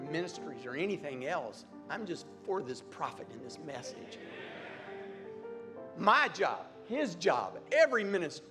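Fervent high-voiced male preacher. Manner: preaching with rising fervor, repetitive emphatic phrasing. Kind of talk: sermon.

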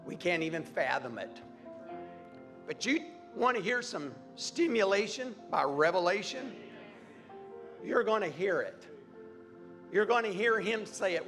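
A man's voice: high voice, fairly bright tone. A man preaching a sermon, repeating phrases emphatically and building to fervent cries. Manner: preaching with rising fervor, repetitive emphatic phrasing.

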